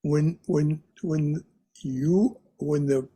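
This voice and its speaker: Slow, husky-voiced male spiritual teacher. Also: fairly high pitch. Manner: repeats phrases, soft and contemplative. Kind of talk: slow reflective class teaching.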